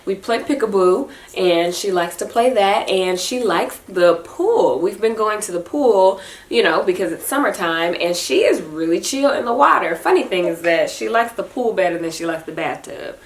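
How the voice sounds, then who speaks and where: A woman's voice: mid-range voice, expressive, normal speed. A young adult woman talking casually about her baby in a vlog, chatty and breaking into sing-song baby talk at home. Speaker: vlogger and mother. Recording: echoey room.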